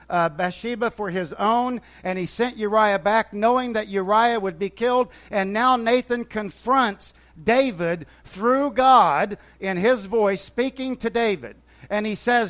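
Guy with a pretty high voice doing a bible lesson, retells the stories, kinda stumbles and restarts. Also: a bit bright. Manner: retells scripture with quoted dialogue, many restarts. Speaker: preacher. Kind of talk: Bible teaching.

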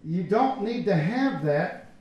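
High-voiced pastor in an echoey church. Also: male voice, slow, lo-fi sound, a little hiss or hum. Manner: animated, conversational preaching with acted-out quotes. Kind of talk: sermon.

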